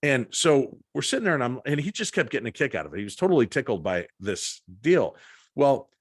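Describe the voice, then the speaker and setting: A man's voice: mid-range voice, brisk, no room sound, studio quality. A man, a paranormal investigator, telling an anecdote as a podcast guest and acting out the quoted lines. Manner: animated storyteller acting out quotes. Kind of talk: storytelling in a podcast interview.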